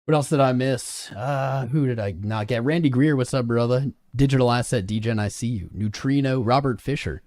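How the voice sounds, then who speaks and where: A man's voice: mid-range voice, normal speed, few pauses, darkish tone. A man hosting a live crypto trading stream, chatting casually and greeting viewers by name as he reads the charts. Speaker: crypto trading livestream host.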